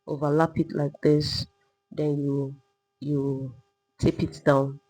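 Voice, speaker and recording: Husky woman teaching pattern drafting. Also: sits low, level tone, takes it slowly, dark tone, rough recording. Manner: patient, repetitive demonstrating, talking while working. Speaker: sewing instructor. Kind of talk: step-by-step sewing tutorial.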